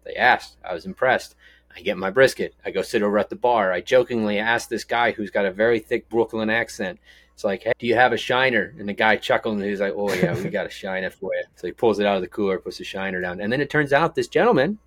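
Deep-voiced Texan man rambling on a podcast. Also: fast talker, fairly bright tone, dry recording. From Texas. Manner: rambling, storytelling, jokey. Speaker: podcast co-host. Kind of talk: casual podcast chat.

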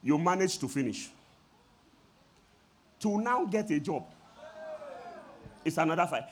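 A man with a Nigerian accent preaching a sermon as pastor, calling out to his congregation in an animated way. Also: a little high, a little slow, pauses often, slight background noise.

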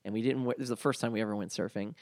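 A man in a casual podcast chat, telling long stories about his mother, full of "like" fillers and lively when he quotes people. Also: lowish voice, rapid-fire, no room sound, clean studio sound. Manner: rambling, lots of "like" fillers, animated when quoting people.

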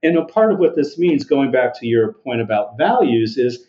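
A man's voice: medium pitch, big pitch swings, moderate pace, dark tone, muffled recording. A man as a podcast guest, giving earnest interview answers and building up lists with emphasis.

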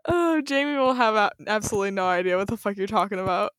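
A woman's voice: mid-range voice, lively intonation, fast, dry recording, studio quality. A woman co-hosting a podcast, laughing often and pushing back in a teasing way. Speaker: co-host. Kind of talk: casual podcast chat.

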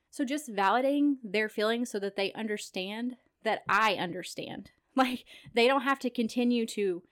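A woman hosting a parenting podcast, talking alone in a calm, earnest way and laughing softly now and then. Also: a little high. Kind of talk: solo podcast talk.

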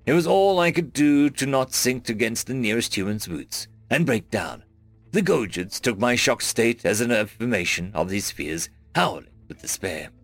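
A man narrating a first-person science fiction story in a measured storytelling manner. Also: medium pitch, expressive, dry recording. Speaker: audiobook narrator. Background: faint background music.

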